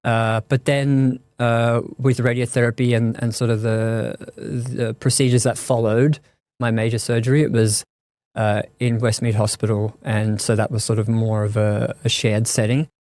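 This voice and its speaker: Male guest, mid pitch, monotone delivery, halting and reflective, dry close sound. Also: no room sound. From Australia. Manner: thoughtful, halting, many restarts and fillers. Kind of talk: reflective conversational interview.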